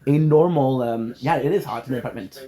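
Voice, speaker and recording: A young gaming streamer with a mellow, medium-pitched voice talks a little fast while playing from his home apartment. He rambles in casual chat to the camera, joking and talking to himself.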